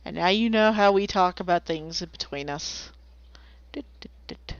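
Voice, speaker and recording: A woman's voice: fairly low pitch, moderate pace, clean tone. A woman streaming while she draws, chatting casually and playfully, rambling and making silly noises. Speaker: streamer drawing commissions. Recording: slightly dull lo-fi, dry.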